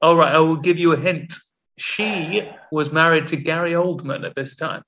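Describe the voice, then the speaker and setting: A man's voice: a little high, moderate pace, sharp tone, muffled recording, a little hiss or hum. A man hosting a quiz segment on a podcast, teasing his co-host in a dry tone. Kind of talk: casual comedic chat.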